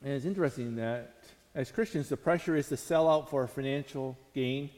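A man's voice: medium pitch, moderate pace, darkish tone, in a large hall. A man preaching a sermon in a conversational, storytelling way, acting out the quotes he tells. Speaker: pastor.

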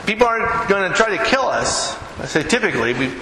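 A man's voice: high voice, big pitch swings, a little fast, bright, forceful tone. A man preaching a sermon, earnest and conversational, with stories from his life. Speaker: pastor. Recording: echoey hall with background noise.

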